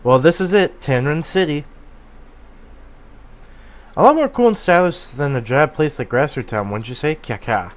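A man voicing a smug, fashion-proud male duck creature who loves pranks and teases fast, reading game dialogue aloud. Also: on the high side, animated, lightly acted. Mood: boastful. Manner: fast, smug teasing with cackling laugh.

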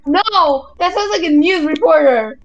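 A woman's voice: extremely high pitch, animated, a little slow, highs cut off. A woman chatting casually while playing an online game with a friend, teasing and giggling often as she talks. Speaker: gamer co-host. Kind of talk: casual gaming chat.

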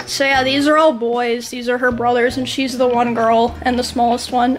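A woman with a high-pitched voice chats casually through her day at home. She talks to puppies in a playful, excitable way, coaxing and scolding them. Soft music plays faintly underneath. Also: moderate pace, hardly any pauses, poor audio. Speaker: streamer vlogging her day. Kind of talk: casual vlog chat.

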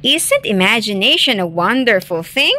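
A woman voicing an eager, childlike little rabbit with a squeaky, excited way of talking while reading a bedtime story. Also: normal speed. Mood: triumphant.

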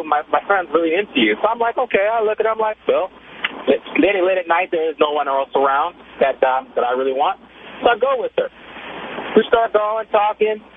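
High-voiced male caller on a tinny phone line. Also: slight background noise. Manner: animated, chatty storyteller. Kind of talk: casual storytelling on a call-in show.

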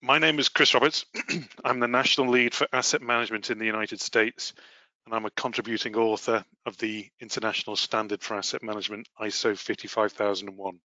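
Bright-voiced man hosting a webinar. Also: lowish voice, steady tone, dry recording. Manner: measured, formal presenting with occasional fillers. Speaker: webinar host and asset management lead. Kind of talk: prepared webinar presentation. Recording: slightly muffled, dry webinar audio.

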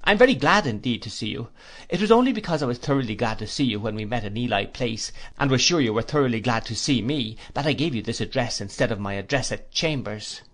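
A man voicing a humble, good-natured young man in an audiobook, talking in an eager, lively way and quick to laugh. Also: medium pitch, lightly acted. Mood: friendly. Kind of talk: audiobook character voice.

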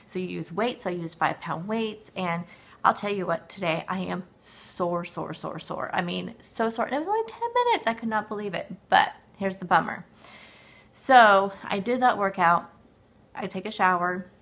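A woman's voice: fairly low pitch, a bit bright. A woman in her forties with a dry throat, talking casually at her home desk in a rambling, filler-heavy way with many restarts. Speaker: weight-loss vlogger. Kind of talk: casual chat to camera.

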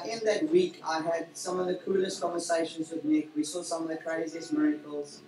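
Male pastor leading a service, rambling and full of fillers, mid-pitched voice, heard from a distance in an echoey hall. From South Africa. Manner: warm, rambling, with frequent fillers and self-corrections. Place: church hall during a service. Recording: roomy church hall from a distance, faint music.

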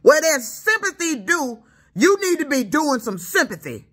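A woman's voice: sits high, sing-song, measured pace, a bit bright. A woman from Detroit with a Southern-tinged accent, ranting indignantly at commenters from the couch in her apartment, stammering and repeating herself. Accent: Detroit with a Southern lilt. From Detroit, USA. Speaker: YouTuber. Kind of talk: angry rant at commenters.

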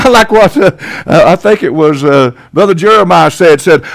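Older man, Southern accent, pastor preaching, high-pitched, very animated, folksy, emphatic. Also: normal speed, creaky. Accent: Southern American. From Tennessee. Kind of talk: sermon. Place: church sanctuary.

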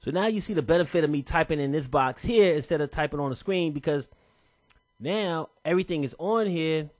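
A man with a fairly high voice walks through a software tutorial in a relaxed, chatty way, tossing in casual slang as he goes. The sound is dry and close, with no room around it. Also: fairly quick, dry recording. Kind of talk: casual screen-recorded tutorial.

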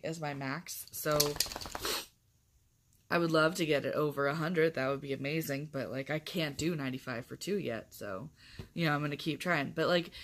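Low-pitched young woman rambling to her camera, lots of ums and likes, laughs a bunch. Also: a bit bright. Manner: chatty, rambling, laughs often, lots of fillers. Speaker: vlogger. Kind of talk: casual chat to camera.

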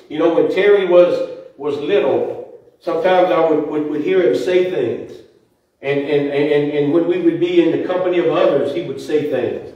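A man delivers a devotional talk in a church, earnest and a little halting, often restarting his thoughts. His voice sits somewhat high for a man. The mic is well away from him, so a strong church echo hangs on every phrase. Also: dull audio. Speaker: church speaker. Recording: echoey church room, mic far off.

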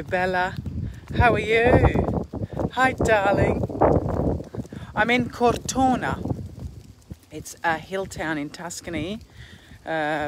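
A woman's voice: lowish voice, background noise. A woman from Australia with an Australian accent, a tour operator giving a live walking tour outdoors, chatting and greeting viewers by name as she walks with a handheld phone. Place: outdoors in a hill town square.

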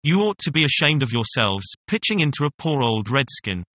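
A tall young frontier captain gives firm, commanding orders, as a man reading a storybook puts him on. He sounds protective and unafraid. The voice is bright and dry. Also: medium pitch, very animated, a little fast, no echo.

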